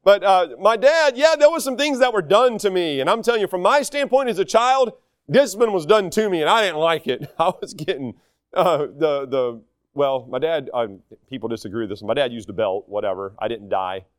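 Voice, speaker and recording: A man preaching a sermon, telling stories in an animated, self-deprecating way. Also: a little high, brisk, dry recording, clean studio sound.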